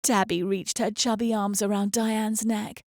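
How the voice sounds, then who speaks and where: A woman with a medium-pitched voice narrates an audiobook, telling the story in a measured, expressive way. She's close to the mic, with no room sound.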